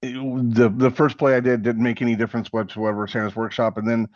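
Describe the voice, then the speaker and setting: A man's voice: medium pitch, steady tone, quick pace, a little mellow, dry recording, muffled recording. A man in his forties from Texas, a podcast guest telling rambling, self-mocking stories and acting out the people he quotes. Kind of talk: casual interview storytelling.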